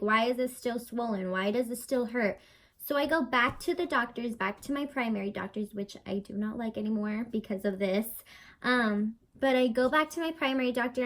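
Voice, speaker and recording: A young woman vlogger chatting casually as she tells a personal story, full of fillers and lively retold dialogue. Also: a little high, poor audio. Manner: chatty, lots of fillers, animated retelling.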